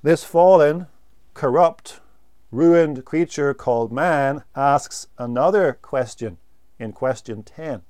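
Male preacher, slightly high and smooth; unhurried sermon delivery that leans hard on single words. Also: darkish tone. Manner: slow, deliberate preaching with emphatic pauses on single words.

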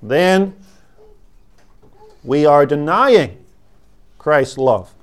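Male preacher, measured and emphatic sermon delivery, somewhat high-pitched, unhurried. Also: expressive. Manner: slow, emphatic, repeating key words. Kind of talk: expository sermon.

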